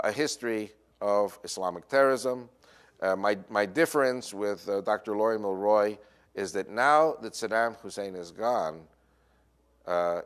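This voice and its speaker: A man from New York with a New York accent, giving a lecture full of personal anecdotes and frequent "uh" fillers. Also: fairly low pitch. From New York, USA. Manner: animated storyteller, frequent "uh" fillers. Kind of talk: lecture mixed with personal storytelling.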